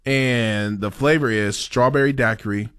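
A man's voice: mid-range voice, moderate pace, smooth, dry recording, studio quality. A man co-hosting a podcast, chatting casually with lots of joking and laughter. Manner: animated, laughing, joking banter. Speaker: podcast co-host. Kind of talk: casual chat.

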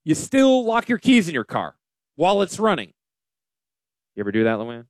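Lively high-voiced man, joking host. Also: normal speed, no echo. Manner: animated, self-deprecating, joking. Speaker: radio show host, financial advisor. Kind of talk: casual radio talk.

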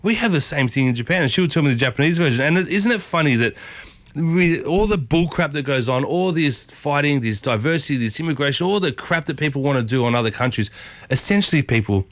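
A man's voice: fairly high pitch, animated, a little fast, no echo. A man hosting a breakfast radio show in a studio, chatting casually to listeners and repeating pet phrases. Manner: chatty, repeats "I'll tell you what", addresses listeners as folks. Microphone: studio microphone.

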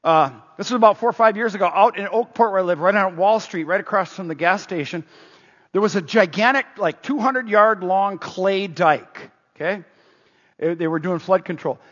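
A man preaching a sermon, telling a story in a chatty way with restarts, and rising loud on points of emphasis. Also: high voice, normal speed. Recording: dull echoey hall.

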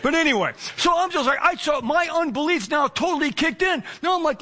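A man preaching a sermon as pastor, telling a lively story and retelling conversations along the way. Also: very high-pitched, fairly quick, few pauses.

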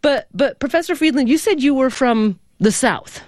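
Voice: high-pitched, lively intonation, normal speed, no echo, clean studio sound. A radio host from Oregon who grew up in the American West, leading an interview in an engaged, conversational way and sharing opinions.

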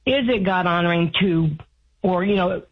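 A woman's voice: lowish voice, moderate pace, husky. A woman in her fifties calling in to an advice show, talking anxiously and rambling with restarts. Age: 50s. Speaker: caller. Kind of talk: call-in advice conversation. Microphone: phone line. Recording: muffled phone call audio.

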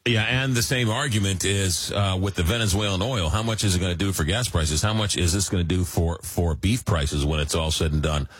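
A man hosting a radio talk show, joking and animated, repeating words as he gets going. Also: deep voice, fairly quick, hardly any pauses, husky, no room sound. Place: radio studio.

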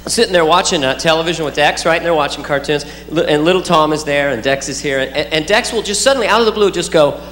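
A man's voice: fairly high pitch, quick pace, hardly any pauses. A man doing stand-up, playful, chatting with the audience and imitating his kids. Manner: playful, talks to the audience, does silly kid noises. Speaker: stand-up comedian. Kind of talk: stand-up with crowd work. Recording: live club, roomy echo, loud crowd.

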